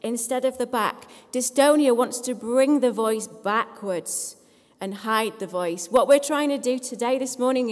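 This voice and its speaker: With a fairly high voice of darkish tone, an English woman leads a live workshop where seated participants practise posture, breathing and sound exercises. She's brisk, encouraging and gently self-deprecating, and the hall gives her words a long reverb.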